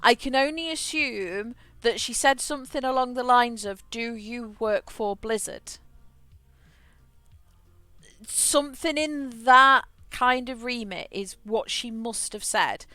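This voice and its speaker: A woman's voice: fairly high pitch, unhurried, hardly any pauses, bright, forceful tone, dry recording, faint music behind. A woman, chatting as she streams a game and telling a rambling story full of restarts. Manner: rambling storyteller, frequent restarts and repeated words. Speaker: livestreamer. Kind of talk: casual chat while playing a game.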